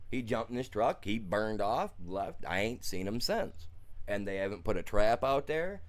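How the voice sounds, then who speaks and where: A man's voice: fairly low pitch, animated, moderate pace. A man streaming a game, telling a heated story in a blunt, colloquial way, full of restarts and fillers. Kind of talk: casual chat while streaming a game.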